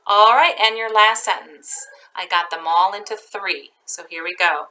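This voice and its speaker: A woman teacher slowly dictating a spelling test to her class, stretching out each word and sentence. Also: mid-range voice, sharp tone, poor audio.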